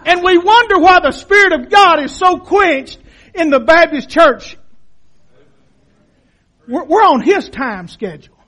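High-voiced impassioned preacher man. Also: expressive, measured pace, long pauses. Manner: impassioned, dramatic, swings from hushed to shouting. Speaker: pastor. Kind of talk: sermon. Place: church sanctuary.

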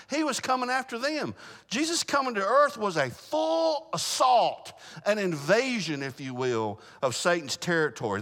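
In a large hall, a high-voiced male Baptist preacher animatedly addresses his congregation. Restarts come often, and he keeps asking the room whether they're with him.

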